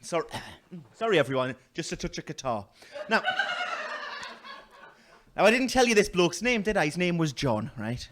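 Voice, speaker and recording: A man doing a stand-up comedy set in a small venue, telling a story loudly with put-on voices and self-mocking asides. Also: fairly high pitch, sing-song, normal speed, pauses often, background noise.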